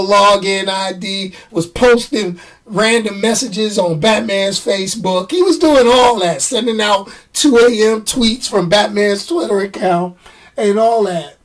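A man's voice: high voice, recorded from a distance. A man chatting casually about comic books on his video channel, rambling and joking. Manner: animated, rambling, jokey. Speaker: comic book YouTuber. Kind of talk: casual chat.

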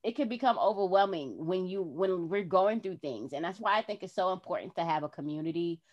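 A woman's voice: fairly low pitch, animated, fairly quick, muffled recording. A woman hosting a podcast, talking in a casual heart-to-heart way and acting out her own past words expressively. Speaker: podcast host.

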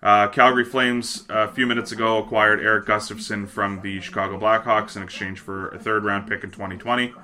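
A man co-hosts a loose sports chat show, with a very bright, edgy tone in a fairly low voice. He swears casually and rattles off trade news between jokes. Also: level tone. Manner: profane, offhand, reads news items quickly. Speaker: podcast co-host.

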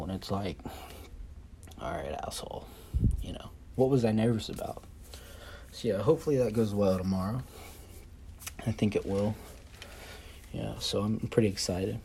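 Young dude podcasting solo, lowish mellow voice, swears a lot, rambles, faint hum behind. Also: male voice. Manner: loose, profane, rambling with many fillers. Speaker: podcast host. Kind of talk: casual solo podcast chat.

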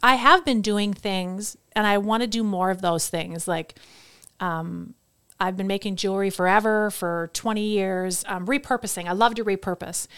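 A middle-aged woman, a podcast guest, telling stories in a chatty, animated way in a casual interview. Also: mid-range voice, normal speed, clean tone, dry recording, studio quality. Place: podcast studio.

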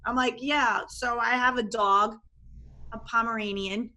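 A woman life coach talking casually in an interview, animated and expressive, often acting out what she and others said. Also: a little high, a little slow. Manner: animated and expressive, acts out quoted voices.

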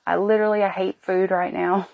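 A woman in her thirties telling a personal story on her podcast in an emotional, halting way, feeling sick and worn. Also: medium pitch, flat delivery, gravelly, narrow, tinny audio. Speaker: podcast host.

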